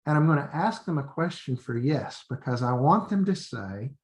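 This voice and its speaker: A man, an English teacher, explaining classroom methods in a relaxed training talk, repeating drill phrases and restarting often. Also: medium pitch, moderate pace.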